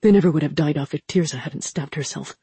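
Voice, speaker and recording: A woman's voice: deep voice, fast, warm tone, slightly rough, no room sound, pitched below the performer's own voice, exaggerated voice. A woman voicing a scornful male soldier who speaks dismissively.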